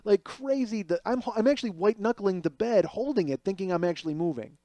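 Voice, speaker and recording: A man's voice: high voice, lively intonation, quick pace, mellow, no echo. A middle-aged man telling a comic story as a podcast host, acting out other people's voices as he goes.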